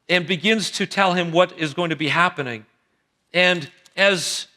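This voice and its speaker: Bright, high-voiced animated pastor. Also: male voice. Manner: animated storytelling, acts out characters. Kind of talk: sermon. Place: church.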